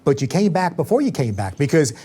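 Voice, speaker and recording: A man's voice: fairly high pitch, very animated, fairly quick, dark tone, breathy edge. A man interviewing a new school principal in a friendly, conversational way. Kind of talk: interview host.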